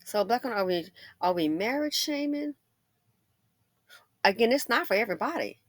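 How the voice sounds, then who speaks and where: A woman hosting a casual commentary monologue, animated and sassy, acting out imagined conversations in shifting voices. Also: a little high, normal speed, no room sound. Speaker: commentary channel host.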